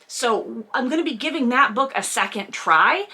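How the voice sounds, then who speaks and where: A woman's voice: a little high, animated, moderate pace, pushed and bright, breathy edge. A woman, an author, chatting candidly and casually about a book, with frequent ums and some swearing. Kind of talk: casual book review vlog.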